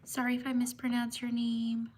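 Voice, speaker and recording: A woman hosting a casual livestream, giving slow, unhurried shout-outs and apologizing for mispronouncing names. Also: a little high, monotone, a little hiss or hum. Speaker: livestream host.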